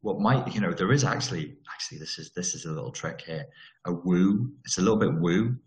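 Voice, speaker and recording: Low-voiced guy rambling candidly on a video call, kinda echoey room. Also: brisk. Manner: candid and digressive, with frequent restarts. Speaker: speaker on trauma recovery. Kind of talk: casual talk over a video call.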